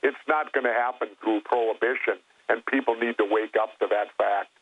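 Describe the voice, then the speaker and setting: A man's voice: medium pitch, steady tone, a little fast, husky, no echo. A man speaking as a guest in an interview, telling stories in a blunt, plain-spoken way. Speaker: guest, former governor. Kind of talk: phone-in interview talk. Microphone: telephone. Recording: tinny phone line.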